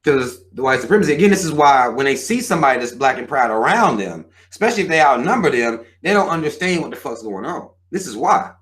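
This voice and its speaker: A man's voice: mid-range voice, big pitch swings, quick pace, few pauses, fairly bright tone. A man in his thirties hosting a live show, ranting bluntly and with plenty of profanity. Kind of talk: livestream rant.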